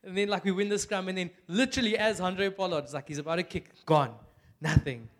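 High-voiced South African preacher, chatty. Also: male voice, brisk. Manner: chatty and animated, with many "like" fillers and bursts of laughter. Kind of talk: casual, humorous sermon. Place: church.

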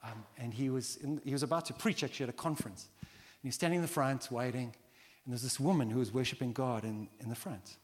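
A middle-aged man preaching a sermon as pastor, animated and acting out quoted prayers. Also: medium pitch, fast talker. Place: large church hall. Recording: long hall reverb.

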